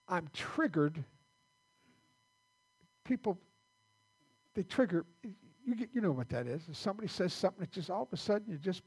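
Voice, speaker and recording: A man preaches a loose, conversational sermon in a church, stopping and restarting his sentences as he goes. His voice is a little higher than most men's, with a gravelly, husky edge. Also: a little mellow. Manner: halting, repeats words as he restarts. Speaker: pastor.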